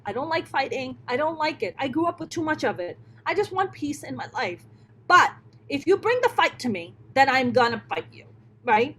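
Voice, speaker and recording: High-pitched comedian lady, blunt, swears a lot, bit of hiss behind. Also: fairly bright tone, low-quality recording. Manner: blunt and emphatic, heavy swearing. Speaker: stand-up comedian, guest. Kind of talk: candid interview storytelling.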